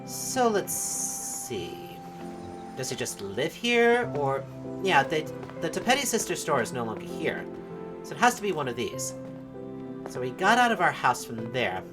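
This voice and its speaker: A woman talks through a game as she plays it, chatty and quick to laugh at herself. Her voice sits lowish but jumps around in pitch, and she hums between lines. It has the loose feel of let's play commentary. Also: sing-song, music in the background. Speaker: game streamer.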